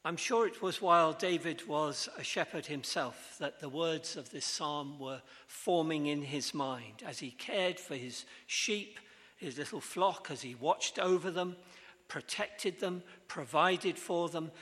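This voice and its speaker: A man preaching a sermon, earnest and measured, asking the congregation questions. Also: a little high, a bit bright. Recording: long hall reverb.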